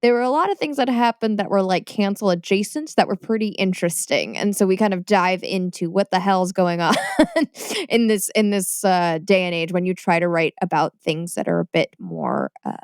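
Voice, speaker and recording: A woman's voice: medium pitch, expressive, moderate pace, clear, resonant tone, no room sound, clean studio sound. A woman co-hosting a podcast, talking in a chatty way and laughing easily. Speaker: podcast co-host. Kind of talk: casual podcast chat.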